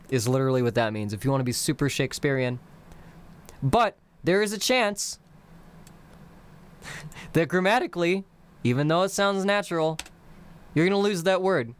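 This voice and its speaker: A man teaching his constructed language on a live stream, in a slow, explanatory way that breaks phrases into their literal word-by-word meanings. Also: a little high, animated, clear, resonant tone.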